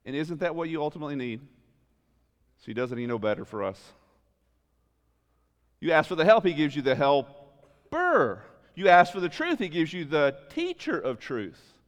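A pastor delivers an animated sermon in a fairly high, lively voice, peppering it with rhetorical questions. He swings from loud emphasis to hushed asides, and his voice rings with a long reverb from a large hall. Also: measured pace, pauses often.

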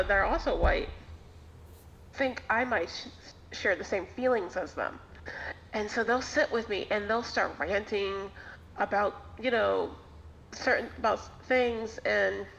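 A woman's voice: mid-range voice, gravelly, fairly bright tone, slight background noise. A woman telling a story in casual podcast chat, wry and playful in her delivery. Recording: dull lo-fi recording.

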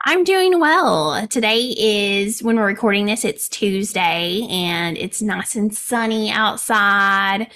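A woman's voice: mid-range voice, expressive, takes it slowly, few pauses, pushed and bright. A woman in her thirties from Arkansas with a Southern accent, co-hosting a podcast in a friendly, folksy chat and laughing often. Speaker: podcast co-host. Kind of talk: casual chat.

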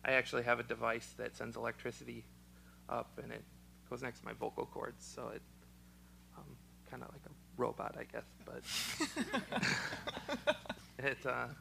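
A young man, speaking haltingly in an interview with a choked, froggy-sounding voice. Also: medium pitch, level tone, gravelly, bright, forceful tone, slight background noise, poor audio. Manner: halting, with many ums and restarts. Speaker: special education teacher. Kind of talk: casual personal testimony.

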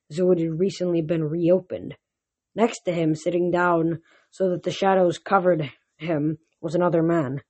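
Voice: mid-range voice, husky. Reader doing a home audiobook, first person, trips on words and restarts. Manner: first-person narration with frequent slips and restarts. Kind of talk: audiobook reading of a novel.

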